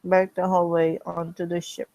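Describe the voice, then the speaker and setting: A lowish-voiced woman reads fanfiction in character at a normal speed, sounding strained in the throat. The recording is low quality without room sound, and she keeps a steady pace, adding chatty asides for viewers between passages.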